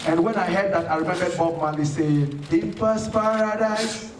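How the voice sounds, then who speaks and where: Fired-up guy from ghana preaching at a crowd, high voice, far off in a boomy hall. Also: fairly even intonation, a little fast, a little mellow, slight background noise. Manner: fiery, rhetorical, preaching tone. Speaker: speaker answering audience questions. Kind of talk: impassioned public talk.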